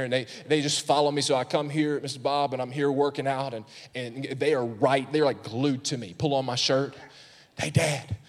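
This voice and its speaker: A pastor in his thirties preaching a sermon, telling stories and rising to fervent shouts. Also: mid-range voice. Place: church sanctuary. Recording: long hall reverb.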